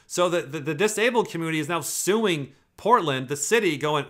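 Brief: male host, rapid-fire and profane, rambling casual commentary, voice sits a touch high. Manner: swearing, rambling, animated.

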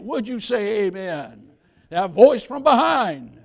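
This sermon comes from a pastor whose gravelly voice is pitched unusually high for a man. Expressive and slow, he preaches with emphasis, frequently turning to his "beloved" listeners to ask for an amen.

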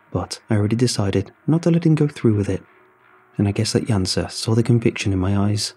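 Low, husky man reading a horror story. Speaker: narrator. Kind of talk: scripted horror story narration. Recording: soft music underneath.

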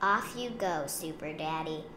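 A kind, gently amused mother polar bear from a storybook, voiced by a woman in a low, slow tone. The room echoes, and a hiss sits under the voice. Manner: gentle, warm-hearted.

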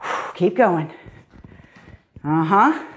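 A woman's voice: on the low side, animated, extremely slow. A middle-aged woman, a fitness coach, leading a guided workout with upbeat, encouraging cues, slightly out of breath.

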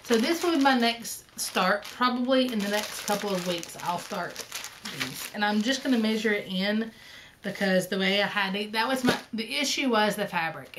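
A woman's voice: medium pitch, noisy background. A woman in her thirties with a Southern accent, hosting a casual vlog in a chatty, rambling way with lots of ums and asides. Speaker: flosstube host.

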